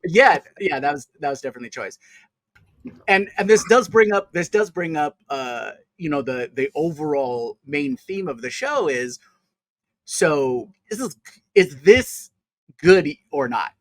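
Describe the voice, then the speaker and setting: A man's voice: on the high side, animated, measured pace, no echo, low-quality recording. A man co-hosting a casual chat show, thinking aloud with many fillers and restarts. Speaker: co-host.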